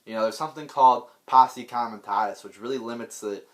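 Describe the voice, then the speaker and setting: A man's voice: medium pitch, brisk. Rambling, stammering man ranting. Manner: rambling, with many restarts and stammered repeats; blunt and profane. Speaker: political vlogger. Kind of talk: unscripted rant.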